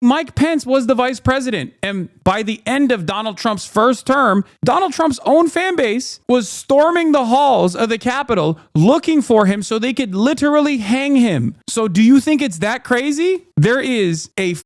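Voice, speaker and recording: Man, high voice, dry close sound, blunt animated stream commentary, incredulous. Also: normal speed, no room sound. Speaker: streamer reacting to news clips. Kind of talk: casual political commentary.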